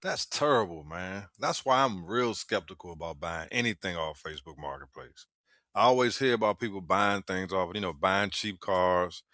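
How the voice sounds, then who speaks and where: A man's voice: low-pitched, normal speed, sharp tone, dry recording, clean studio sound. A man hosting, reacting to clips in a casual way with short exclamations and warnings to his viewers.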